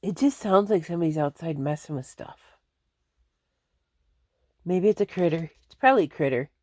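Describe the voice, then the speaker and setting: A woman's voice: on the low side, lively intonation, moderate pace, darkish tone, no room sound, studio quality. A woman chatting casually to her viewers from home, rambling and laughing often. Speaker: vlogger. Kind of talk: casual chat to camera.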